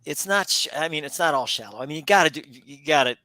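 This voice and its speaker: A middle-aged man hosting a radio interview in a casual, animated way, often repeating words and acting out quotes. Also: fairly high pitch, fast, no echo. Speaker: radio show host.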